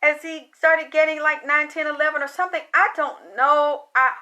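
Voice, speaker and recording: Woman, high and bright, psychic channeling a spirit, emotional and rambling, drops curses. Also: little pitch movement, normal speed. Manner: emotional, rambling, swears casually. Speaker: psychic medium. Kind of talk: channeling spirit messages, monologue.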